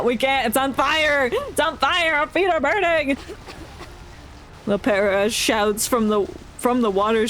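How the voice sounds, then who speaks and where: Streamer voicing game text live, jokey asides and laughs, mid-pitched. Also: slight background noise. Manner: playful, laughing, joking asides. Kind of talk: reading game story aloud with live reactions.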